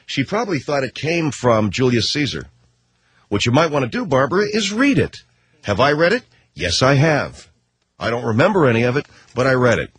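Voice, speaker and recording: A male talk radio host with a sarcastic, emphatic delivery and a lively pitch that swings up and down. His voice is a little husky, and the studio sound is close and dry. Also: normal speed, no echo.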